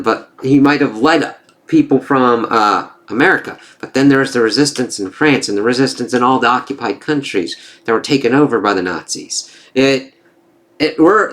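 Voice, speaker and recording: A man's voice: medium pitch, fairly bright tone. A man giving a casual spoken review of a comic book, reading panels aloud with enthusiastic, conversational asides.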